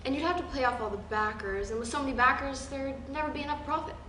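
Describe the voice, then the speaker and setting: A woman acting as a timid, nervous young male accountant in a scene for an acting class, with prim speech that breaks into shrill hysterics. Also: fast talker, pushed and bright. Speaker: acting student. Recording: echoey room, far mic, light noise.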